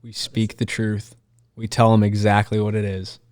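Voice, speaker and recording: A man's voice: on the low side, completely flat delivery, normal speed, a little mellow. A man co-hosting a Christian podcast, talking in an earnest, emphatic way and repeating his key phrases. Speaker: podcast co-host. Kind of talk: conversational Christian podcast discussion.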